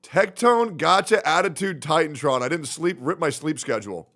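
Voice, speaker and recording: A male streamer reacting live, excitable and profane, breaking into loud shouts. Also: fairly high pitch, moderate pace.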